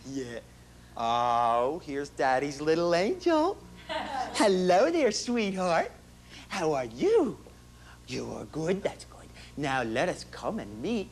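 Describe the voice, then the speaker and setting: A man's voice: high-pitched, exaggerated voice. An actor playing a chatty, boastful working-class family man in a comic stage monologue, rambling in street slang and bad grammar. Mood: doting. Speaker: stage performer in a one-man show. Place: theater stage.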